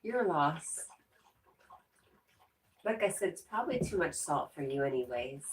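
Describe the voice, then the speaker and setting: A woman's voice: deep voice, very animated, a little slow, recorded from a distance, slight background noise. A woman hosting a livestream, chatting casually as she reads viewer comments aloud and laughs often. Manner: chatty, laughs often, talks to her dog. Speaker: livestream host.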